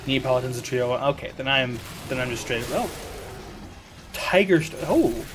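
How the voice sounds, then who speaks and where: A man's voice: mid-range voice, expressive, normal speed, noisy background. An American man casually rambling to viewers while streaming a video game, often correcting himself mid-sentence. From United States.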